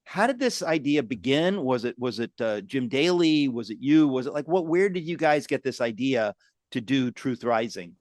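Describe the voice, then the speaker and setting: A man's voice: medium pitch, animated, normal speed, a little mellow, no room sound, studio quality. A man hosting a conversational interview, exclamatory and speaking directly to his viewers. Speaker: host.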